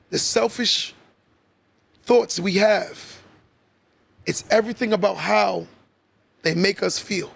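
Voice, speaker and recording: With a high, husky voice edged by vocal fry, a podcast host pushes emphatic, preachy motivational talk. He repeats his points and keeps asking "right?".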